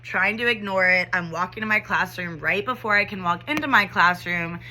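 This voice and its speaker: A woman's voice: mid-range voice, normal speed, pushed and bright. A young adult woman teacher telling a story in a casual vlog, talking conversationally with lots of "like" and "you know".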